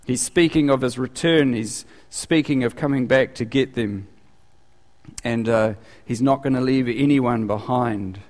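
A man preaching a sermon as pastor in a conversational, animated way, his voice climbing when he acts out questions. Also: a little slow. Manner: conversational, animated, rising in pitch for quoted questions. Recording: long reverb of a large hall.

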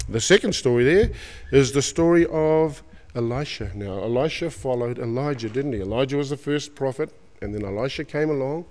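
A man's voice: medium pitch, fairly quick, darkish tone, long reverb tail. A man with an Australian accent preaching a sermon, retelling stories in colloquial slang and acting out the characters. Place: church.

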